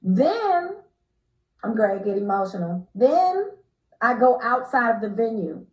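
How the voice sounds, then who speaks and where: An American woman telling an animated story as an interview guest, emphatic and quick to laugh, her pitch swinging from low to high. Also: echoey room, lo-fi sound. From United States.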